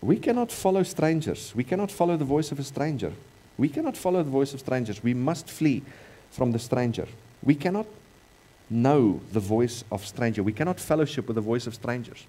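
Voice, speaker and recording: South african pastor guy preaching in church, mid-pitched voice, says things twice for emphasis, gets loud then drops low. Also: lively intonation, normal speed. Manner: emphatic, repeats key phrases, swings between loud and quiet. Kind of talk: sermon.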